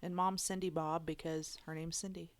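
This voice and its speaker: A woman's voice: fairly low pitch, little pitch movement, moderate pace, no room sound. Woman, thirties, casual podcast co-host, rambling storyteller, dry close sound. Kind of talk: casual chat.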